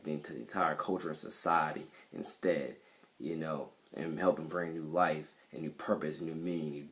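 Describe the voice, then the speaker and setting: Man with a very low voice, casual self-assured monologue, rambling with fillers. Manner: rambling, repeats himself, many fillers; self-assured about his music. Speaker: independent rapper.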